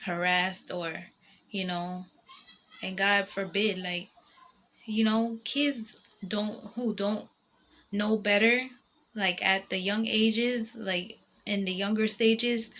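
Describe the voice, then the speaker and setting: Speaking slowly in a steady, fairly bright mid-range voice, this vlogging mother addresses her viewers casually. Her talk is rambling and emotional, looping back with frequent fillers and false starts.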